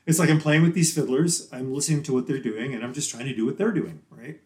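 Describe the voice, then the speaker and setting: A chatty man of middle pitch speaking as a podcast guest, rambling through his answers with easy laughter. His voice rings with a noticeable room echo, as if recorded in a live, roomy space. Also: fast talker, darkish tone. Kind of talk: casual interview chat.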